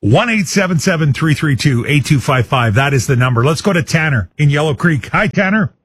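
A man's voice: fairly high pitch, animated, brisk, fairly bright tone, breathy edge, no echo, clean studio sound. A man hosting a live call-in radio quiz show, chatty and upbeat, taking listener guesses. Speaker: radio talk show host.

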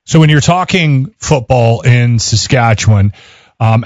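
A man's voice: medium pitch, expressive, measured pace, a little mellow, dry recording. A man hosting a sports radio show, asking casual questions with a chatty, wry manner. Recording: dull lo-fi sound.

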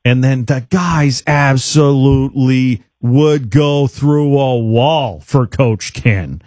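A man hosting a sports talk radio show, relaxed and easygoing as he interviews a guest. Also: medium pitch, takes it slowly, dry recording, studio quality. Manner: laid-back, asks follow-ups, laughs easily.

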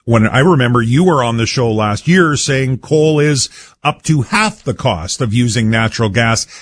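Man, talk-radio host, husky, pressing, dry close-miked studio. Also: medium pitch, animated, moderate pace, no room sound. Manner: pointed, pressing questions. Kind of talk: radio interview questioning.

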